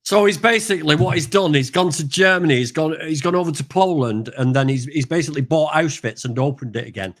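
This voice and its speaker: A British man co-hosting a casual chat, telling rambling stories and ranting in an animated way. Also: a little high, fast talker, hardly any pauses. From United Kingdom. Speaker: co-host.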